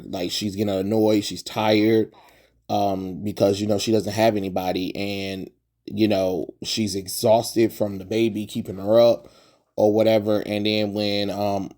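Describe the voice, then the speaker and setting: A man's voice: lowish voice, darkish tone. A man casually recapping a comic book's plot, rambling loosely with plenty of fillers and hedges. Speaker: comic book reviewer.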